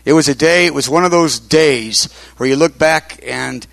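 A man's voice: fairly high pitch, normal speed, creaky, a bit bright, no echo. An older man preaching in a conversational storytelling way, often repeating himself with fillers like "uh". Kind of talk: sermon storytelling.

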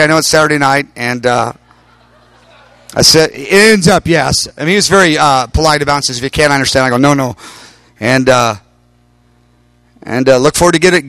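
A middle-aged man preaches in an animated storytelling style, his fairly high voice jumping up whenever he quotes someone. The recording is close and dry, with no room sound. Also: dry recording. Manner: animated storytelling, quoting others in raised voice. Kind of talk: storytelling sermon.

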